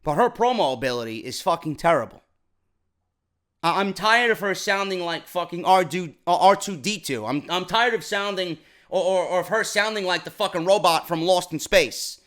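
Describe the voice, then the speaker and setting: A man tears into a wrestling broadcast in a blunt, profane solo review, exasperated and stumbling over repeated words as he goes. His voice sits high for a man and has a bright, sharp edge. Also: lively intonation, normal speed. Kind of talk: ranting solo show review.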